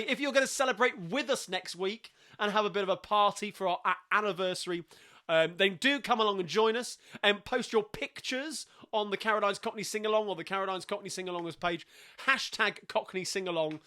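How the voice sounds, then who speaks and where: A man's voice: high voice, bright, forceful tone. A tired man hosting a casual livestream sing-along from home, chatting at a rambling pace with many ums.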